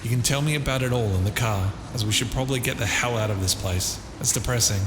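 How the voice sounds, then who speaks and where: A man's voice: medium pitch, fast talker, echoey room, long reverb tail, background noise, natural voice. A man voicing a friendly, joking young British workmate in a light, teasing tone, with a British accent. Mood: breezy. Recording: loud guitar music underneath.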